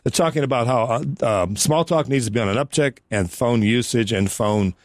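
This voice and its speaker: A man's voice: medium pitch, a little fast, no room sound, studio quality. A man hosting a radio show in easygoing, casual banter who chuckles often. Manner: easygoing, chuckles often, talks business tips. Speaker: radio host. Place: radio studio. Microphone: studio microphone.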